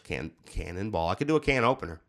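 Playful male co-host, quick and animated, lower pitch. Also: gravelly. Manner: playful, teasing. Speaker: podcast co-host. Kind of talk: casual chat.

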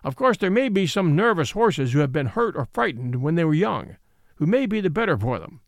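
A man voicing a calm, sensible male horse in a storybook, speaking quietly and evenly. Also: on the high side, a little fast, no echo, clean studio sound.

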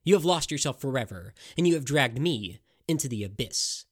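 A man voicing a grim male captor who slowly condemns his prisoner from the shadows. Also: mid-range voice, animated, close to an everyday voice. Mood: condemning. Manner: slow, condemning.

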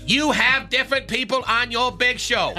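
A man's voice: very high-pitched, normal speed, sharp tone, faint music behind, full character voice. A man voicing a brash, boastful male rap master who makes up long words in a comedy radio bit.

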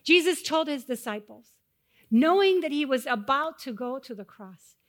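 A middle-aged woman preaching a sermon, telling personal stories to the congregation and swelling louder on key phrases. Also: high voice, lively intonation, normal speed. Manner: personal storytelling addressed to a congregation.

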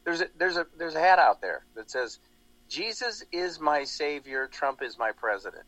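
Male talk host, animated and rambling; husky, dry studio sound. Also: a little high, normal speed, dry recording, poor audio. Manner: animated, rambling, lots of restarts. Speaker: radio show host. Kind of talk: casual political talk show chat.

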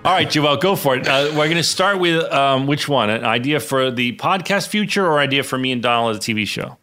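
A man's voice: medium pitch, lively intonation, a little fast, bright, forceful tone, faint music behind. Laid-back man co-hosting a podcast. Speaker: podcast co-host. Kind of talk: casual chat.

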